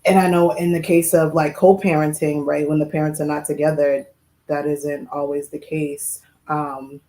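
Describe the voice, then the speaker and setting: A young adult woman co-hosting a podcast, talking thoughtfully and hesitantly with many pauses and fillers. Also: low voice, flat delivery, dark tone, a little hiss or hum, poor audio. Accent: Boston. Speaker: podcast co-host. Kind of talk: casual chat.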